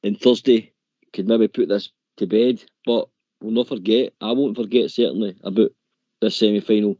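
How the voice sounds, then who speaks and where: A Scottish man speaks on a call-in show in a low, mellow voice. He hesitates, restarts his phrases and leans on "you know". The line is dull and lo-fi, with no room sound. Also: fairly even intonation, normal speed, dry recording. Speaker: caller. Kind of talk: casual chat on a call-in show.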